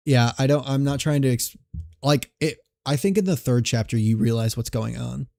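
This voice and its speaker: A man reads chapters of his own western novel aloud on a live stream. His voice is dark and mellow, the room sound dry and close. He often stumbles and restarts words as he reads. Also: mid-range voice, gravelly, dry recording. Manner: halting, restarts words while reading. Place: home streaming setup.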